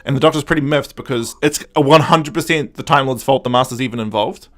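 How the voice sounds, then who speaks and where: A man co-hosting a podcast, casually recapping an episode and acting out the characters in quick asides. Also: mid-range voice, a bit bright. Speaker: podcast co-host.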